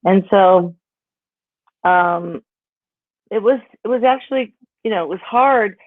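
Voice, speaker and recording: A woman's voice: medium pitch, takes it slowly, no room sound. A woman in her sixties from Pennsylvania, an author telling stories about her life in a rambling, casual way, full of "you know" and "like". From Pennsylvania, USA. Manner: rambling, filler-heavy, with frequent "you know" and "like". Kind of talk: casual conversational storytelling. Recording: tinny phone-like call audio.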